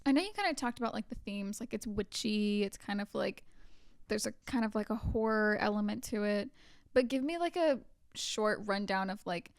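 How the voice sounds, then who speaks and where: Brief: young woman co-host, smooth clear voice, dry close mic, teasing and chatty. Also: mid-range voice, expressive, normal speed, dry recording. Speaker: podcast co-host. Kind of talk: casual chat.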